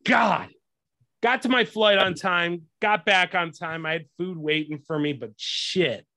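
A man's voice: high voice, a little slow, sharp tone, no echo, clean studio sound. A man hosting a podcast, telling a long story as a profane, exasperated rant in a casual way. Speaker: podcast host.

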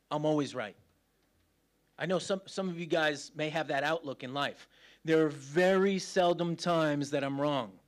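A man delivering a sermon in a loose, conversational way. He jokes at his own expense and laughs along with the congregation. His voice sits a little high for a man. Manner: casual, joking and self-deprecating preaching, laughing often. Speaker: pastor.

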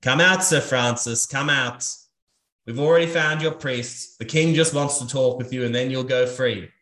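Gruff demanding knight, man putting it on, higher pitched and pushy, echoey room. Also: normal speed, fairly bright tone, close to an everyday voice. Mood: coaxing. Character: gruff armored male knight, stern and threatening.

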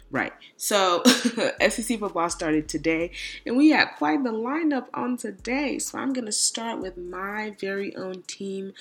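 A young woman hosting her own podcast, chatting casually and sassily about college football, slipping into quick acted-out quotes. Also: sits low. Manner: sassy, animated, slangy, acts out quotes. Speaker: podcast host. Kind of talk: casual solo podcast commentary.

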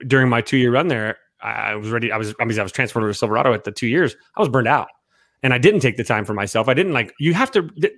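A man who talks quickly and bluntly about sports, a former coach giving firm opinions in casual chat. He sounds close and dry, with no reverb. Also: mid-range voice, fairly bright tone. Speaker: podcast co-host, former coach.

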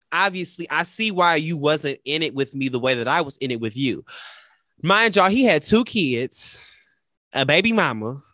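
A man co-hosting a casual talk show, telling a personal story in a dramatic, animated way and quoting the people in it. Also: fairly high pitch, no echo, studio quality. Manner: animated, dramatic retelling with quoted voices. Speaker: podcast co-host.

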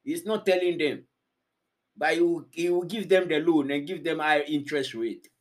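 A man's voice: a little high, normal speed. Rambling slangy man on a live stream. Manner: loose, rambling, repeats himself, slangy. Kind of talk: casual live-stream chat.

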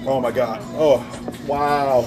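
Recording live at a restaurant, a male podcast host tells crude, rambling stories, dropping "right?" between lines. He speaks slowly at a medium pitch with a steady tone, over music, and the audio quality is poor.

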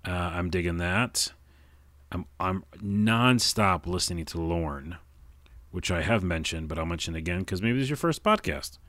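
A man with a very low voice hosts his own podcast, chatting alone. He rambles, stumbles over words and pokes fun at himself. The recording is dry and close. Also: lively intonation, normal speed, fairly bright tone, no room sound. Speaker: podcast host. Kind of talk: casual solo podcast chat.

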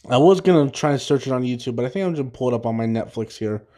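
A man's voice: mid-range voice, lively intonation, a little fast, mellow. A young man hosting a podcast, recapping an episode in a rambling, casual way, full of fillers and restarts. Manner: rambling, many fillers and restarts, laughs at his own jokes. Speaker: podcast host.

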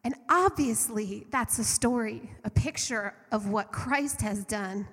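A woman's voice: fairly high pitch, takes it slowly, a bit bright. A middle-aged woman telling a story in a conversational sermon, earnest and fervent. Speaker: church speaker. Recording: long hall reverb.

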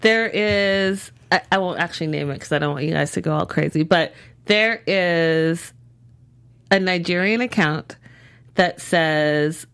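A woman co-hosting a casual entertainment news show, talking in an animated way with playful asides and slang. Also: fairly low pitch, measured pace, smooth. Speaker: co-host.

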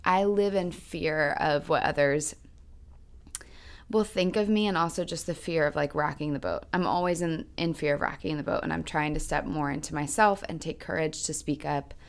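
A woman's voice: low voice, normal speed, clear, resonant tone. A woman co-hosting a podcast, telling a personal story in an earnest, reflective casual chat. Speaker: podcast co-host.

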